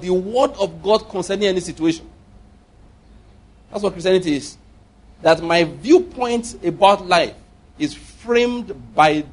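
Husky, jokey male preacher. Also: high-pitched. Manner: jokey, digressive, repeats himself. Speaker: pastor. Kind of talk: sermon.

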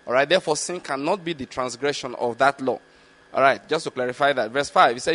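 Slow, deliberate male Bible teacher. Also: fairly high pitch, fairly bright tone. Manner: slow, deliberate reading of scripture with explanatory asides; repeatedly checks understanding with the listeners. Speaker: preacher.

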